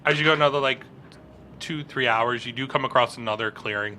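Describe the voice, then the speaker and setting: Bright-voiced man running a tabletop game. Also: mid-range voice, a little hiss or hum. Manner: relaxed, halting narration with many fillers. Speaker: game master.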